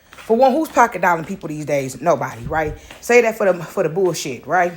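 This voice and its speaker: Speaking briskly and with animation at a medium pitch, a female vlogger chats out of breath in a spiritual video from her house, her dog nearby. She keeps checking in with a casual "right?".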